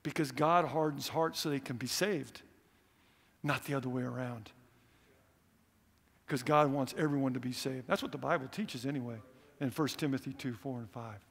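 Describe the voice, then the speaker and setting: A middle-aged man preaching a sermon as a visiting missionary, telling stories in an animated, earnest way. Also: medium pitch, normal speed, gravelly, pauses often, husky. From United States. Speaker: missionary speaker. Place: church hall. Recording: echoey church hall.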